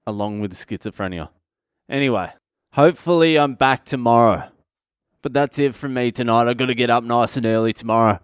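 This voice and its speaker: A man's voice: medium pitch, smooth, no echo, clean studio sound. A man, a comedian and podcast host, telling rambling stories in a profane, casual comic monologue.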